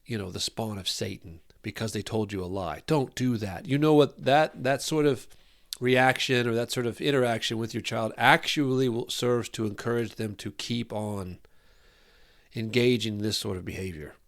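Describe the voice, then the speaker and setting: On his podcast, a man talks solo about parenting in an earnest, rambling way, often circling back over phrases as he searches for words. His voice is on the low side and creaky, at a normal speed.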